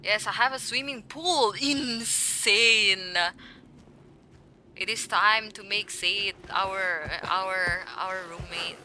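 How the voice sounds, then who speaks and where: Bright-voiced playful woman streamer. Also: mid-range voice, slow, a little hiss or hum. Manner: playful, teasing, talks back to chat. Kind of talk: casual gaming stream chat.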